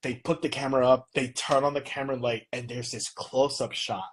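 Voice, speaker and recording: A young man hosts a casual podcast, his voice husky. He tells stories in a loose, rambling way and often breaks into laughter. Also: medium pitch, fairly even intonation, a little fast, low-quality recording. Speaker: podcast host. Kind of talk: casual chat.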